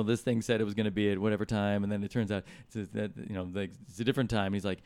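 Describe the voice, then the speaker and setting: A man's voice: fairly low pitch, expressive, racing, hardly any pauses, darkish tone, clear, resonant tone, no echo. A middle-aged man telling rambling stories in casual chat, with lots of fillers and restarts. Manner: rambling anecdotes with many fillers. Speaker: guest comedian and musician. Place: hotel room.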